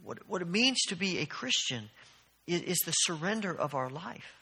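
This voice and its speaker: A man's voice: sits high, sing-song, normal speed, bright, forceful tone, slightly rough, in a large hall. A man preaching a sermon as pastor, earnest and storytelling, often restarting his phrases.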